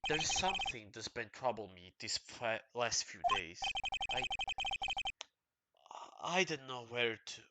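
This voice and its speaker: A streamer voicing a brooding, haunted male prosecutor in a low, hushed, somber reading. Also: very animated, slow, very noisy.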